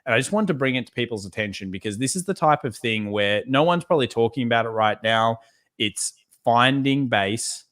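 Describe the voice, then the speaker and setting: A man co-hosting a live trading show, talking through charts in a relaxed way and repeating words for emphasis. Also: mid-range voice, a little fast. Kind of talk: live market analysis chat.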